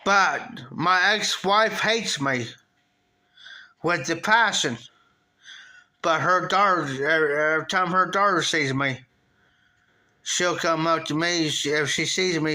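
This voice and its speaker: A middle-aged American man chats live with his viewers in a loose, rambling way, looping back on his phrases. His voice sits high for a man and rings bright and forceful. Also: slow pace, long pauses. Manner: rambling, repeats phrases, animated when quoting himself. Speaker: live streamer. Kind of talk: casual storytelling to chat.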